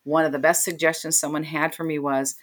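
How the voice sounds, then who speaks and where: Low-voiced woman telling a family story. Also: little pitch movement, a little fast. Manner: emotional, retells scenes by voicing the people in them. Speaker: interview guest. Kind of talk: personal storytelling.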